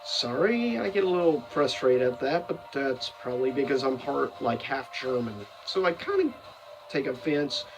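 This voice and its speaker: A man's voice: medium pitch, normal speed, few pauses, distant mic, soft background music, rough recording. A man giving a casual, rambling commentary as a video host, full of fillers and self-corrections. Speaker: video host ranking seasons of a cartoon.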